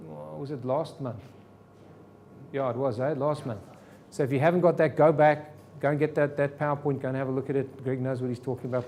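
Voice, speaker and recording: A man's voice: a little high, warm tone, slight background noise. A man teaching a sales seminar to a live audience, firing rhetorical questions at the room. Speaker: sales trainer.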